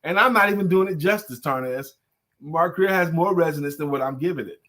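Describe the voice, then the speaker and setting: A man's voice: a little high, fairly quick. A man co-hosting a live talk show, chatting casually and joking in colloquial speech. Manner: lively, animated, colloquial, joking. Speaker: co-host and sales coach.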